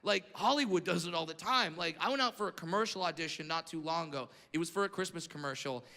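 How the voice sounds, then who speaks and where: A male stand-up comedian on stage, ranting brashly with profanity and bursts of shouting. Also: a little high, quick pace. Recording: echoey hall, audience noise.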